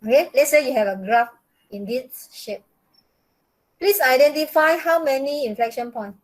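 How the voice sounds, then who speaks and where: A woman's voice: high-pitched, expressive, moderate pace, low-quality recording. A woman with a Malaysian English accent teaching mathematics, explaining step by step, slipping Malay words into her English, and coaxing her students with frequent laughs. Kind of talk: classroom lesson.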